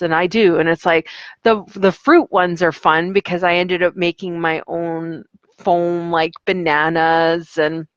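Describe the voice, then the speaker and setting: A woman's voice: on the low side, no room sound, highs cut off. A woman, an online English teacher, chatting casually in a vlog with a rambling, filler-heavy manner. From Canada.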